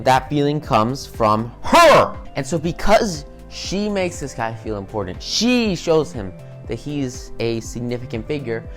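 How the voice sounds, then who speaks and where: A man giving a casual recorded business lecture, talking loosely with lots of "you know" and repeated words. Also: medium pitch. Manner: conversational, many fillers and repetitions. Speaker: business skills instructor.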